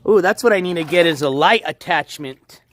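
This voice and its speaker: High-voiced laid-back man streaming by a pool. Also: expressive, fairly quick, a bit bright. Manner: laid-back, rambling, chuckles often. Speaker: livestream host. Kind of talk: casual livestream chat. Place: outdoors by a backyard pool at night. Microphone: handheld phone.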